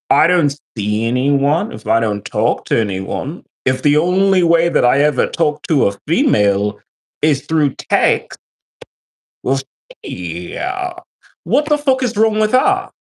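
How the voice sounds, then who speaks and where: A man talks straight to his live-stream chat, cursing freely as he tells his story. His voice sits a little high and swings widely up and down. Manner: profane, animated storytelling. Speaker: livestreamer and military veteran.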